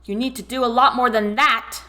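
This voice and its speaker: Woman doing a young woman, shaky and tearful, then stern, higher and louder than the reader's voice. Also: animated, takes it slowly, full character voice. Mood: angry.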